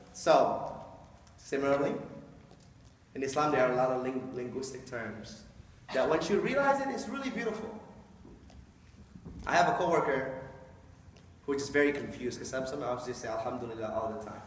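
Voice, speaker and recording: A man's voice: mid-range voice, a bit bright, a little hiss or hum. A man giving an informal, joking talk to a live audience, often acting out quoted voices. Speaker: speaker explaining Islam to an audience. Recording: echoey hall from a distant mic.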